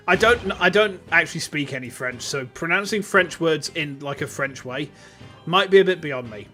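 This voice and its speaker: A man's voice: fairly high pitch, expressive, a little slow, pushed and bright, soft background music. A man streaming a game, making casual, crude joking asides between lines of the story. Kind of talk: casual let's-play commentary.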